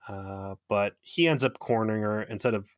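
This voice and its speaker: A man's voice: lowish voice, moderate pace, dry recording, studio quality. Sarcastic profane podcast co-host, man. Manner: sarcastic, profane, animated retelling. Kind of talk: casual recap chat.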